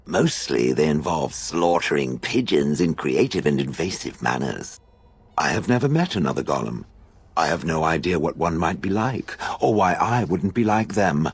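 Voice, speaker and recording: Scornful ancient stone golem for a game; dry, mocking, lively swoops in a very low voice. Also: male voice, moderate pace, breathy edge, heavily acted. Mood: sardonic. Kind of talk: video game dialogue.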